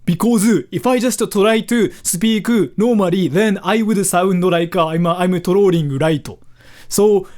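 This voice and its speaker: A young Japanese man with a Japanese accent chats on a livestream, reading out donations in a joking, animated way and using lots of filler words. His voice is high and a little slow.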